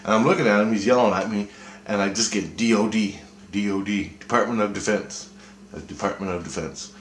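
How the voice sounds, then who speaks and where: In an echoey room with faint background noise, a man with a lowish voice casually recounts a dream at a slightly fast pace. He rambles, curses, and keeps restarting his sentences.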